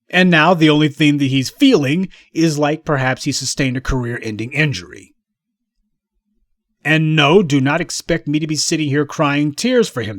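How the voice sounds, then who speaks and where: A man's voice: a little high, no echo, clean studio sound. Scornful man ranting. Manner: scornful, sarcastic, combative. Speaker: commentator. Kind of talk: ranting commentary.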